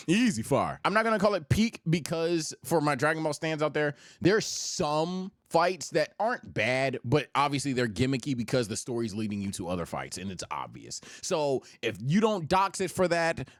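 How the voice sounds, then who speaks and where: A young man streaming, ranking anime in loud, profane, animated casual chat. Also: a little high, moderate pace, no echo, clean studio sound.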